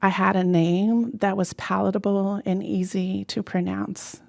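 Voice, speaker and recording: A woman from California, being interviewed in a studio, recounting her childhood with lively quoted voices. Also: medium pitch, measured pace, gravelly. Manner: animated, lively quoting of family voices. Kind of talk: conversational interview storytelling. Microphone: studio microphone.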